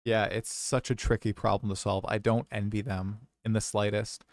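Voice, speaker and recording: A man's voice: lowish voice, little pitch movement, moderate pace, no room sound, studio quality. Chatty, hedging man hosting a podcast. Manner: chatty, hedging, explains at length. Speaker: podcast host. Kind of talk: casual gaming podcast chat.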